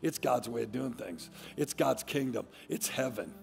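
A middle-aged man, a pastor, preaching a fiery sermon that swings from hushed tones to shouting. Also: mid-range voice, moderate pace, creaky. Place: large church sanctuary. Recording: long church-hall reverb, faint music.

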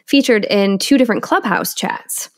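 A woman's voice: medium pitch, animated, normal speed, no room sound. Bubbly Michigan woman host in a dry closet. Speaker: podcast host. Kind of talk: casual interview chat. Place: small closet at home.

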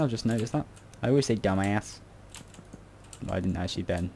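British guy muttering through a build tutorial, bit low and gravelly, goes off on tangents. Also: animated, fast talker, mellow, slight background noise. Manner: rambling, self-mocking, muttering to himself. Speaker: game tutorial creator. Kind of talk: casual building tutorial commentary.

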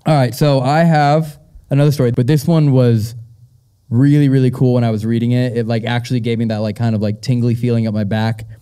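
Casting note: young male co-host, warm low-lit tone, loose chatty delivery, reads aloud. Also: level tone, fairly quick, smooth. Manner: rambling, repeats words, laughs often. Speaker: co-host of a live paranormal show. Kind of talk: casual live stage chat and reading aloud. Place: live show in a castle venue.

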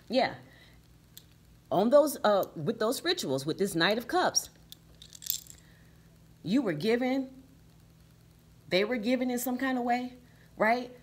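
A woman's voice: on the high side, slight background noise. A woman reading tarot cards for her viewers, emphatic and repeating "okay?" and "right?" as she goes. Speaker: tarot reader.

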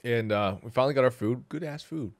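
A young man with a medium-pitched voice co-hosts a podcast, speaking fast in a dry recording. He tells stories in casual chat, laughs often, and tends to trail off mid-sentence.

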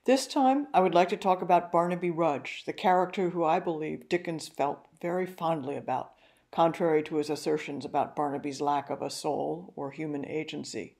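An older woman giving a carefully read, measured talk on a novel. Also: deep voice, fairly even intonation, a little mellow. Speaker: literary talk presenter.

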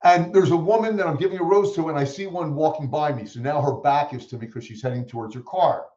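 A man telling stories as a guest in an interview, acting out the people he quotes with lively energy. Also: a little high, quick pace, roomy sound, lo-fi sound. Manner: animated storyteller who acts out quoted voices. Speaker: guest speaker. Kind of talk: storytelling in a podcast interview.

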